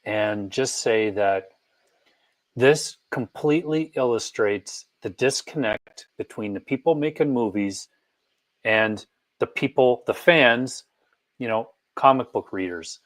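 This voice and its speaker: A man's voice: mid-range voice, slow pace, dry recording. A man co-hosting a comics show, ranting with exasperation in casual chat. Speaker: co-host.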